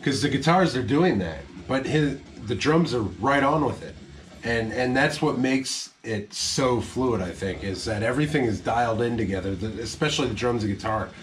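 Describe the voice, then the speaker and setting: Man, middle pitch, relaxed, casual album review, co-host. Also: normal speed.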